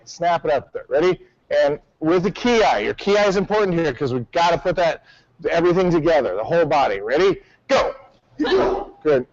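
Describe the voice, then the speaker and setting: A man's voice: on the high side, dry recording, dull audio. Commanding martial arts instructor, man. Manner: commanding, drills with sharp counts. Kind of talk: class instruction.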